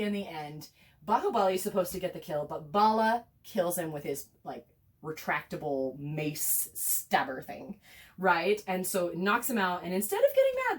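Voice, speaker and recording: A woman's voice: medium pitch, far from the mic. An American woman casually recapping a film, chatty and sarcastic, with many fillers and whispered asides. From United States. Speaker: teacher explaining a film.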